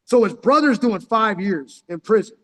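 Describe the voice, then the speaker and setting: A man's voice: high-pitched, lively intonation, normal speed. A man from San Diego, telling rambling street stories into his phone in profane slang, calling the listener "dog" constantly. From San Diego, California. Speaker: vlogger telling life stories. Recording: long hall reverb.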